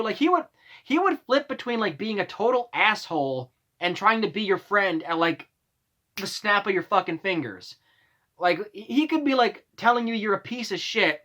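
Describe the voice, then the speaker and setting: A man's voice: sits high, sharp tone. A young man vlogging, telling workplace stories in a casual, exasperated rant full of swearing. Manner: profane, exasperated ranting.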